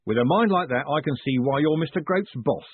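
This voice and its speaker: A man reading an audiobook and voicing a bearded male conspirator with a dry, deadpan manner, through a tinny, phone-like recording. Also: a little high, brisk, husky, no echo, voice pushed up.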